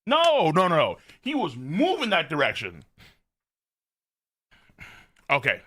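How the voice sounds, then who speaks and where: A male streamer reacting live to a new manga chapter. He is excitable and curses freely, rambling and repeating himself. His voice is bright, high and very animated, with big pitch swings. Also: slow pace.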